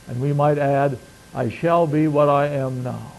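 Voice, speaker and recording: A man delivers a sermon in a fairly high voice. He swings from loud, emphatic declaiming down to quiet asides, and slows way down to stress each scripture quote. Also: steady tone, gravelly, a little hiss or hum, low-quality recording. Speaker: preacher.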